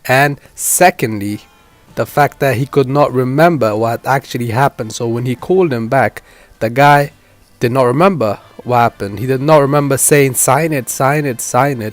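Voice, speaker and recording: A man's voice: medium pitch, no echo. Earnest man explaining, dry close mic. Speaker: commentary channel host. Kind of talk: reaction commentary.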